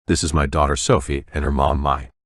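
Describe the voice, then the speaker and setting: A man voicing a calm, patient father who tries to settle an argument. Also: extremely low pitch, brisk, dry recording, studio quality, exaggerated voice. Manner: calm, placating.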